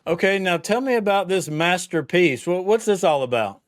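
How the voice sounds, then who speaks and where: A man's voice: high voice, expressive, moderate pace, no echo, clean studio sound. A man with a Southern US accent hosting a casual interview, hesitant and self-deprecating with lots of fillers. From Tennessee. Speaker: podcast host.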